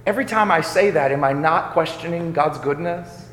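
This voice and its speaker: Bright-voiced preacher in an echoing hall. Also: male voice, on the high side, moderate pace, a little hiss or hum. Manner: swings from quiet reflection to loud emphatic passages. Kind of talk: sermon. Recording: echoey hall reverb.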